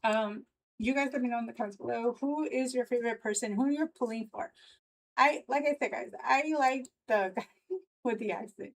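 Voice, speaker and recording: A woman with a fairly high voice hosts a live news stream at normal speed, talking loosely with many fillers and frequent laughter. The audio is poor, with a little hiss or hum.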